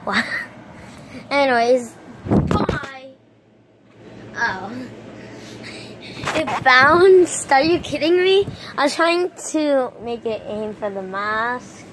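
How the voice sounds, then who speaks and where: A woman vlogging casually on her phone outdoors, playful and excitable, making silly sound effects and letting out sudden yelps. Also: sits high, drawn-out words, long pauses. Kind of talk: casual vlog commentary. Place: outdoors in a storm. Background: thunder and rain noise.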